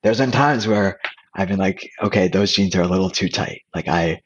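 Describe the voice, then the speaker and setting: A man talking candidly and casually as a podcast guest, relaxed and full of restarts. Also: low-pitched, moderate pace, breathy edge, lo-fi sound. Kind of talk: casual conversational storytelling.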